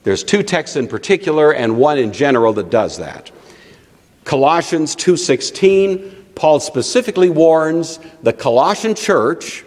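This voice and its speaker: A man preaching a teaching sermon in an animated, conversational way with frequent asides. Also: on the high side, measured pace. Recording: long reverb of a large hall.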